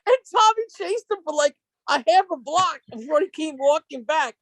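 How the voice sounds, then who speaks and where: A man's voice: very high-pitched, animated, moderate pace, fairly bright tone, no echo. A man filling in as co-host, telling rambling, profane stories in casual chat. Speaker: guest co-host.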